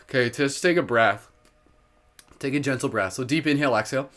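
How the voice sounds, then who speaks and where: A man's voice: mid-range voice, fairly quick, a bit bright. A man hosting a live guided meditation, upbeat and giggly, with many "like" fillers. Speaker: meditation host.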